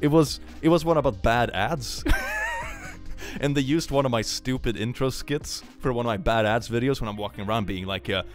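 A man's voice: mid-range voice, normal speed, music in the background. A young man from Sweden, chatting casually on a livestream, reading out viewer messages and thanking supporters. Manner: animated, thanks viewers and reads chat aloud.

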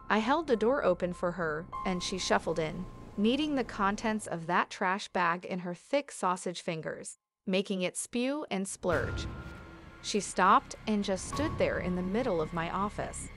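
A woman tells a creepy story in a scripted narration style, with a voice that sits at a middle pitch. She gives the dialogue only a light touch of character and keeps a steady storytelling pace. A faint music bed runs quietly behind her.

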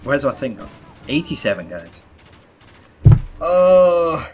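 A man's voice: medium pitch, animated, moderate pace, pauses often, a bit bright, husky. A young man doing live gameplay commentary, talking to viewers and groaning at his misses. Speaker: gaming YouTuber. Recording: faint gunfire and game sounds.

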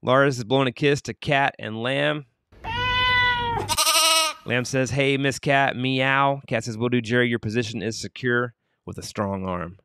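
A man's voice: mid-range voice, a little slow, fairly bright tone, clear, resonant tone, no room sound. A man hosting a morning livestream, reading out viewer comments with upbeat greetings, then leading an earnest prayer. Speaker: livestream host. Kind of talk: morning show chat and prayer.

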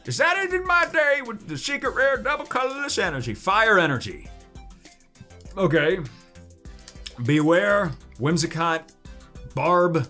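A man's voice: fairly high pitch, fairly bright tone. A man casually chatting while opening trading card packs in his home studio, playful and joking. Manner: playful, swoops into silly voices and mock wails. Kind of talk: excited pack-opening chatter.

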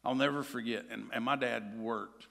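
A man preaching a sermon as pastor, telling personal stories and swinging from loud to hushed. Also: medium pitch, fairly even intonation, moderate pace, vocal fry, big-room sound. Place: large church hall.

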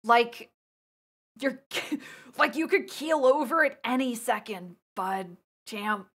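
A woman streaming a first playthrough of a game, reacting loudly and reading dialogue aloud, swearing and laughing often. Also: a little high, expressive, slow pace, slightly rough.

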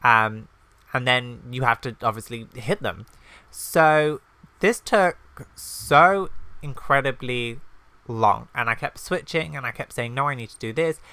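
A man's voice: medium pitch, expressive, unhurried, bright, forceful tone, smooth, dry recording. A man giving casual let's-play commentary on his own gameplay, chatty and easily flustered, exclaiming again and again when things go wrong. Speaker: gaming YouTuber.

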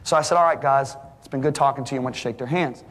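A middle-aged male preacher giving an animated sermon, full of stories, his voice climbing high for the punchlines. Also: rapid-fire. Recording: long hall reverb.

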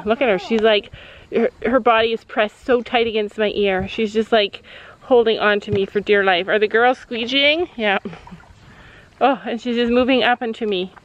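Chatty vlogging mom at a horse barn. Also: female voice, fairly high pitch, moderate pace, muffled recording, slight background noise. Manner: chatty, talks soothingly to a horse. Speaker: vlogger and mother. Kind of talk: casual vlog narration.

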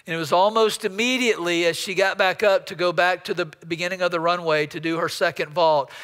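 A man's voice: fairly high pitch, bright, forceful tone, big-room sound. A man preaching a storytelling sermon as pastor, often repeating words as he builds up a story. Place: church sanctuary.

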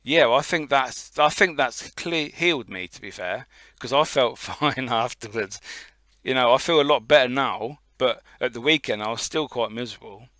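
A man's voice: medium pitch, normal speed, pushed and bright. A man co-hosting a casual podcast, telling a long story in a rambling way and swearing often. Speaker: podcast co-host.

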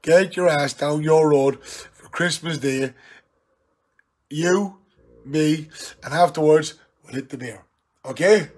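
A tipsy man with an Irish accent on a live stream, loudly teasing and challenging an old friend in rowdy banter. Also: a little high, slow pace, long pauses. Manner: loud, jokey, challenging and teasing. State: tipsy from drinking.

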